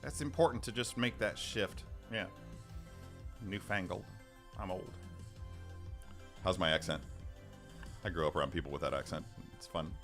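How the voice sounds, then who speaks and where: A man's voice: low voice, normal speed, long pauses, fairly bright tone. A middle-aged man hosting a casual livestream, rambling with many restarts and little chuckles while reading the chat. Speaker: livestream host. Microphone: studio microphone. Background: faint background music.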